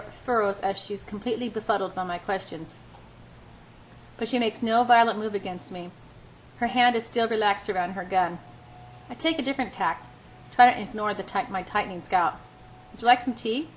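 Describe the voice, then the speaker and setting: A woman's voice: mid-range voice, a little hiss or hum, poor audio. A woman reading a first-person novel aloud in an unpolished way, stumbling over words and correcting herself. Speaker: audiobook reader.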